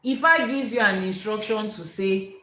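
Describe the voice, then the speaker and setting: In an echoey room, an Ifa priestess gives spiritual teaching, pressing her points hard, returning to key words again and again and drawing on proverbs. Her mid-range voice is pushed and bright, at a normal speed.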